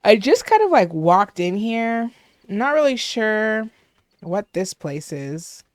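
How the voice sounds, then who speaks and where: Curious young woman, lively gameplay chat. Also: mid-range voice, slow pace, dry recording, studio quality. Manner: curious, gasps and coos at cute things. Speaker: gaming video host. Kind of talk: casual gameplay commentary.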